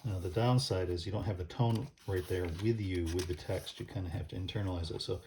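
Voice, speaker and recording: A man's voice: sits low, a little fast, gravelly, dark tone, slight background noise. A man explaining church music casually, thinking aloud with many ums and restarts as he pages through a book.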